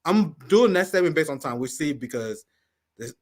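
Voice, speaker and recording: A man's voice: fairly high pitch, animated, brisk. A man hosting a live political commentary stream, talking bluntly and with profanity. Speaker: host.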